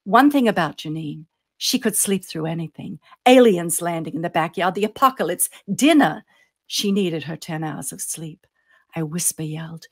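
Low-voiced woman reading her story. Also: lively intonation, normal speed. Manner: storytelling, drops softly on ends of phrases, lifts on suspense. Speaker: author. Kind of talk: reading her own fiction aloud.

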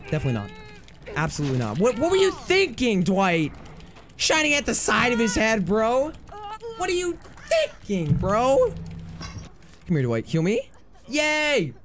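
A streamer chats through live gameplay and teases a teammate. The voice rises and falls a great deal from phrase to phrase. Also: medium pitch. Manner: chatty, teasing a teammate.

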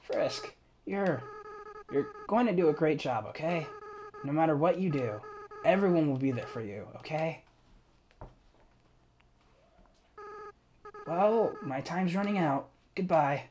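A man's voice: a little high, wildly swooping pitch, slight background noise. A man voicing a remorseful young goat-monster boy. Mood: sad. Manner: soft, slow reading of on-screen dialogue. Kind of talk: reading game dialogue aloud.

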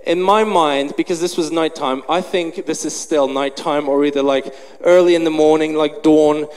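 A pastor preaches a sermon, animatedly acting out a story to the point of being out of breath. His voice is a little high and his speed normal. Recorded in a large church hall, it carries long reverb and faint noise.

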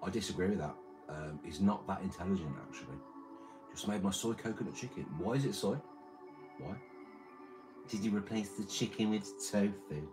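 A man's voice: low voice, normal speed. A man reading out and answering chat on a livestream, rambling with crude, mumbled banter. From Britain. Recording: streamer mic with loud music behind. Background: music playing.

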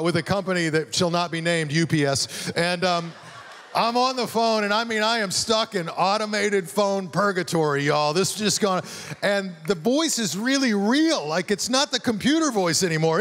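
A man's voice: high-pitched, fairly bright tone. A man preaching a sermon as a guest pastor, telling stories in a conversational way and acting out the lines he quotes.

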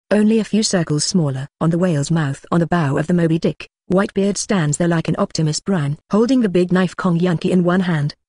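A synthetic text-to-speech voice reading a novel aloud as an audiobook narrator, flatly reading out punctuation marks. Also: medium pitch, slightly rough, dry recording, studio quality.

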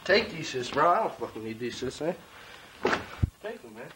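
A man's voice: mid-range voice, sing-song, moderate pace, noisy background. A young man in a rambling, profane comedic monologue, griping and bragging by turns, full of bro slang. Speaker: clothing designer character. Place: outdoors at a tent camp.

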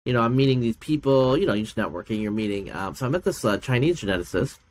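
A man's voice: fast, a little hiss or hum. A middle-aged man, a podcast guest and geneticist, chatting casually and telling stories, with many fillers and laughs. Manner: animated storyteller, acts out quoted people with big pitch jumps. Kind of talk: casual chat.

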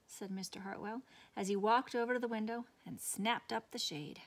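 A woman teacher reading a picture book aloud from her classroom. She tells the story expressively, for young pupils. Her voice sits mid-range in pitch. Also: animated, moderate pace.

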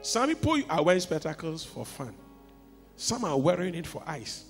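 A man preaching a sermon as a pastor, telling stories and swinging from quiet asides to shouts. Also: a little high, very animated, normal speed. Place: church hall. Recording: long hall reverb with faint music.

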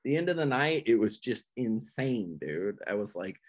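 A middle-aged man telling stories on a podcast in a casual, animated, profane way. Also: normal speed. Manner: animated, profane, jumps into high-pitched quoted voices. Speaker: podcast guest, metal vocalist. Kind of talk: casual storytelling chat.

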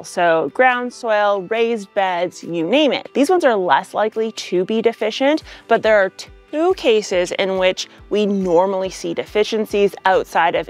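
A Canadian woman with a hoarse, slightly rough voice talks through a gardening topic in an upbeat, chatty way, tossing in jokes as she explains. Her pitch sits in an ordinary middle range, and soft music plays faintly underneath. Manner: upbeat, chatty, joking asides. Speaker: gardening educator. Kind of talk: casual explainer video.

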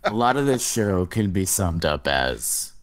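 A man's voice: low voice, sing-song, unhurried, no echo. A man co-hosting a podcast in casual chat, with wry, self-deprecating banter, recorded through a remote streaming app. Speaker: podcast co-host.

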